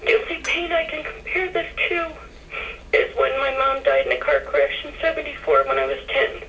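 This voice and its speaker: Woman caller, 40s, choked up and gushing, gravelly voice on a dull, distant phone line. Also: sits high, huge pitch swings, normal speed, a bit bright, slight background noise. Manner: tearful, gushing, fighting back tears. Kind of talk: emotional radio call-in. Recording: muffled phone line from afar.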